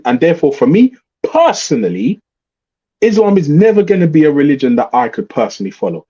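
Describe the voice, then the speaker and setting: A man's voice: fairly high pitch, breathy edge. A middle-aged man hosting a livestream, talking bluntly and swearing as he tells stories. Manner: blunt, swearing, animated storytelling. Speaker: livestream host. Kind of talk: casual ranting chat. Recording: muffled lo-fi livestream audio.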